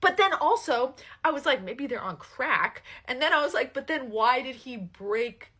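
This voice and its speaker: A young woman tells a story in a casual chat, her voice bright and forceful. She swears freely and acts out the people she quotes, swinging between hushed asides and loud outbursts. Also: sits high, lively intonation, normal speed, breathy edge.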